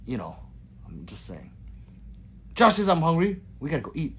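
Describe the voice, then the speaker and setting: A man's voice: fairly high pitch, huge pitch swings, normal speed, husky. A man hosting a casual livestream, rambling and joking as he reads viewer comments aloud. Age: adult with children. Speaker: livestream host reading chat.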